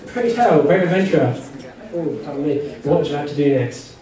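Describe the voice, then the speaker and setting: Brisk and very animated, a slightly high male voice leads a live text-adventure game as game master in a convention panel room. He jokes, rambles, laughs often, and peppers his talk with "you know"; the sound is echoey and distant, with crowd noise.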